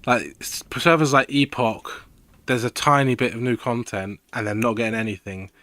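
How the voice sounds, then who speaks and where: A young man talks casually through a live gaming stream, wandering from point to point with plenty of swearing. His voice is bright and forceful, at an ordinary pitch for a man. The chat stays loose and laid-back, like he is thinking out loud. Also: moderate pace, no room sound.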